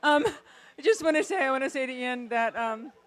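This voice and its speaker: A woman's voice: sits high, fairly quick, no echo. Chatty woman toasting her son. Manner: chatty and warm-hearted, laughs between thoughts. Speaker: groom's mother. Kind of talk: wedding toast. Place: outdoor backyard.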